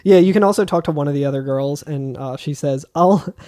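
A man co-hosting a podcast, casually recapping a video game and reading its lines aloud in quick impressions. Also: a little high, warm tone. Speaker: podcast co-host.

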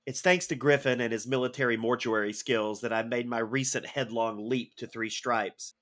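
A man's voice: medium pitch, fairly even intonation, moderate pace, a bit bright, natural voice. A man voicing a young army sergeant, reading a film voiceover in a dry, sardonic way. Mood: weary, sardonic. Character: young male army sergeant narrator, weary and bitter. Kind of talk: impression read aloud on a podcast.

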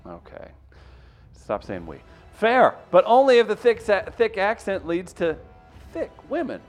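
A man's voice: sits high, huge pitch swings, unhurried, soft background music. A man hosting a radio talk segment, joking around and bantering with co-hosts. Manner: joking, puts on mock voices. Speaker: radio show host.

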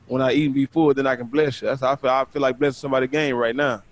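A man hosting a casual podcast chat, talking quickly and excitedly, often repeating words as he goes. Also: mid-range voice. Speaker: podcast host.

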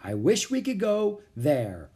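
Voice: mid-range voice, huge pitch swings, slow, mellow, breathy edge, pitched above the performer's own voice, heavily acted. A reader voicing a curious, cautious young boy in an audiobook, talking in an earnest, thoughtful way. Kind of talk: audiobook character voice.

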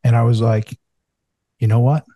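A man's voice: medium pitch, steady tone, normal speed, mellow, no room sound. A man talking candidly in a casual podcast conversation, swearing freely and using lots of fillers. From United States. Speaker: podcast guest.

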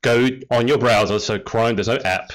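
A man's voice: medium pitch, moderate pace. A man hosting an online game show over a video call, upbeat and teasing with his guests. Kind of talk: casual livestream hosting.

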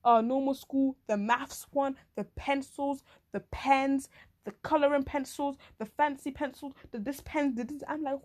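A young woman talks animatedly in a casual comic monologue, full of slang and quick asides. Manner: animated, slangy, quick asides, acts out others in shrill voices. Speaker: vlogger.

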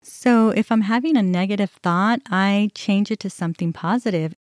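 A woman's voice: medium pitch, normal speed, a little mellow, no room sound, studio quality. A middle-aged woman hosting a podcast, telling a personal story in a candid, conversational way with many fillers. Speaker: podcast host.

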